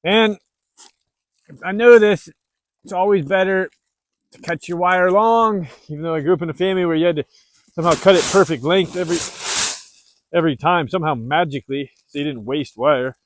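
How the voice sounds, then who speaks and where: A man from the US Northwest, a homesteader, talking loudly and rambling with self-deprecating humor while he works outside in the snow. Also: a little high, brisk, pauses often. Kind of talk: casual vlog narration while working. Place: outdoors in the snow at a dog pen.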